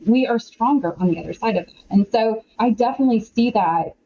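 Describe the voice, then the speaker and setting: A middle-aged woman, an author and podcast guest, talking in an animated, chatty way with many quoted asides. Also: on the high side, a little fast, highs cut off. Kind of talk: casual conversational interview.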